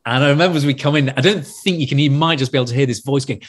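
A man, a podcast guest telling animated anecdotes in casual chat and mimicking the voices of people he met. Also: mid-range voice, very fast. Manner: animated storyteller who often acts out voices of others.

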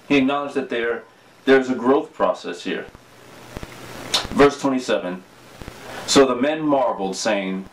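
Earnest pastor preaching from home. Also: male voice, mid-range voice, moderate pace, pauses often, echoey room, distant mic, a little hiss or hum, poor audio. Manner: earnest, preaching with rising emphasis. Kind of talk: sermon.

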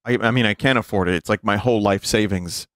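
A man's voice: fairly low pitch, quick pace, a bit bright, dry recording, studio quality. A man in his thirties giving casual, joking gameplay commentary to his chat, often swearing. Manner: joking, profane, talks to chat. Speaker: streamer.

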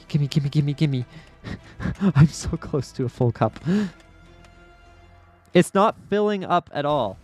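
A man giving excitable gameplay commentary as a YouTuber, yelping and laughing often as things happen. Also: fairly high pitch. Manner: excitable, quick to yelp and laugh. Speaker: gaming YouTuber.

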